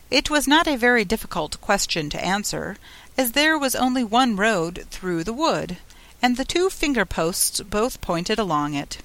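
Lively woman reading a storybook. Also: mid-range voice, moderate pace. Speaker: audiobook narrator. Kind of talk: storybook narration.

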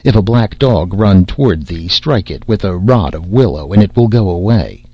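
Storybook witch, sly and secretive, a man reading her, low husky voice, dull lo-fi sound. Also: expressive, moderate pace, warm tone, dry recording, soft background music, exaggerated voice. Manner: coaxing, muttering, secretive. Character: scheming sly female sea witch. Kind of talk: audiobook character reading. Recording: slightly dull lo-fi audio.

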